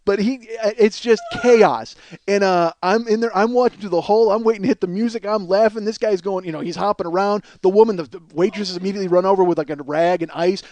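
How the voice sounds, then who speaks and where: High-voiced man telling a profane comic story. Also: quick pace, no room sound. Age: 40s. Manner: profane, animated, swears freely and breaks into laughter. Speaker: podcast host.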